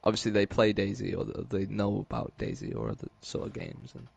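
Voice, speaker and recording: A man's voice: fairly low pitch, sing-song, brisk, gravelly, breathy edge, highs cut off. An English man chatting casually on a podcast, laid-back and rambling, chuckling often. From England. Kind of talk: casual chat.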